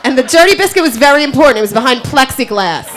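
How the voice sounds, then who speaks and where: A woman doing a brash, profane stand-up comedy set at a comedy club, animated throughout, in a live club recording with audience noise. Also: high-pitched, fast talker. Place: New York comedy club.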